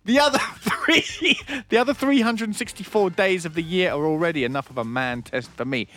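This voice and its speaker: A man's voice: on the high side, brisk. A man, co-hosting a radio show and telling stories with casual, jokey banter. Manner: animated, jokey storyteller, uses Scottish slang. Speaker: radio co-host. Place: radio studio.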